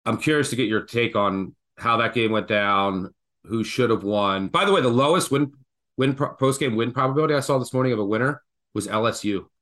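A man co-hosts a casual sports betting podcast, joking around and telling animated stories. His voice sits at an ordinary middle pitch. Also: a little fast. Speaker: podcast co-host.

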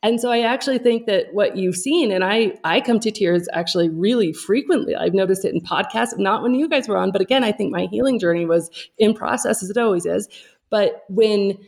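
A woman's voice: medium pitch, fairly quick, gravelly, darkish tone. A woman in her thirties, a podcast guest, talking openly and reflectively in casual conversation and laughing easily.

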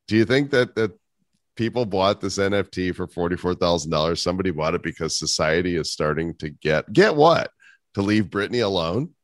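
Deep-voiced man in dry banter. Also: a little fast, no echo. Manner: wry, joking, reads aloud with asides. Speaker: podcast co-host. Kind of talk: casual chat.

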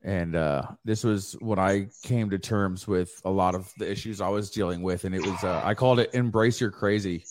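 Low-voiced, hesitant male host. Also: moderate pace, hardly any pauses. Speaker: podcast host. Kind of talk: casual reflective chat. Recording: faint background noise.

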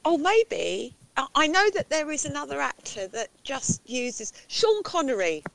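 A woman's voice: sits high, sing-song, unhurried, creaky, a bit bright, no echo. A woman on a podcast panel chatting casually, rambling and joking while she searches for names. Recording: noisy line with clicks.

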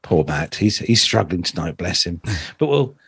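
A man's voice: sits low, very animated, normal speed, fairly bright tone, husky, no echo. A man co-hosting a casual aviation podcast, from England, talking with many restarts and fillers. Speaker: podcast co-host.

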